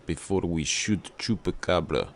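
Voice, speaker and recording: A man putting on a gruff, boastful Russian tough guy with an exaggerated mock accent. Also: deep voice, lively intonation, a little slow, voice pushed down.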